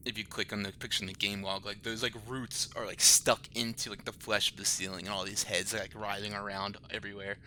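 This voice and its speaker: A man's voice: lowish voice, flat delivery, fairly quick, hardly any pauses, bright, forceful tone, slight background noise. A man running and narrating a tabletop game in a loose, chatty way. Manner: loose, chatty, many fillers. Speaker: game master.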